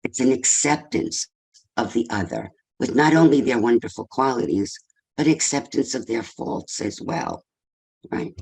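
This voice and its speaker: A man's voice: mid-range voice, lively intonation, measured pace, vocal fry, darkish tone, breathy edge. An older man giving an informal talk on love and feelings to a senior audience, conversational and full of rhetorical questions and tag questions. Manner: conversational, asks rhetorical questions, tags with "right?". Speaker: speaker on relationships.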